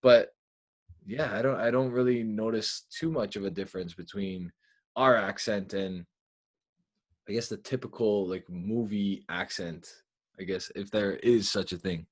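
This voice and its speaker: Young canadian guy hosting a podcast, animated storyteller. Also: fairly low pitch, a little slow. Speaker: podcast host. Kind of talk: casual chat.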